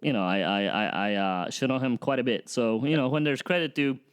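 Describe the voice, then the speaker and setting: A man's voice: mid-range voice, animated, brisk, clear, resonant tone. A young man co-hosting a podcast in casual chat, stammering and repeating words, swearing freely. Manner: stammering, profane, laughs easily. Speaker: podcast co-host.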